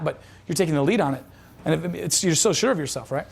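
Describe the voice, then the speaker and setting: A man's voice: on the high side, lively intonation, fast talker, gravelly, a little hiss or hum. A man telling a dating coach's story as a lesson, casual and profane, with lots of fillers. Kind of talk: instructional storytelling.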